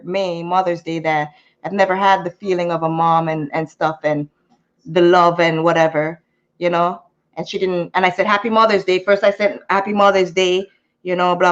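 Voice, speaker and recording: A woman, talking through a personal story in an animated, venting way, sometimes slipping into patois. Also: lowish voice, normal speed. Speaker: YouTuber. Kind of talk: candid storytime vlog. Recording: muffled lo-fi sound.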